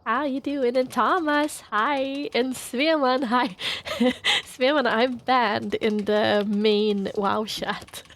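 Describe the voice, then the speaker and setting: Woman streamer greeting her chat, playful and giggly, voice a touch high. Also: steady tone, slow, fairly bright tone. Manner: playful, laughs often, greets chatters by name. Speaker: livestreamer. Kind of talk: casual chat with stream viewers.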